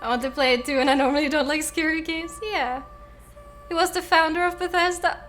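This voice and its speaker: A woman's voice: high voice, steady tone, a little fast, a bit bright, slight background noise. A woman streaming a video game, talking emotionally and effusively to her viewers. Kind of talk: live gameplay stream commentary.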